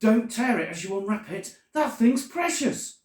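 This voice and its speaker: Brief: woman playing a frantic shopkeeper man, shrieking high, wildly up and down, echoey and distant. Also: expressive, measured pace. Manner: yelling, frantic. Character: excitable shouting male shopkeeper, overjoyed. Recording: echoey room, far from the mic.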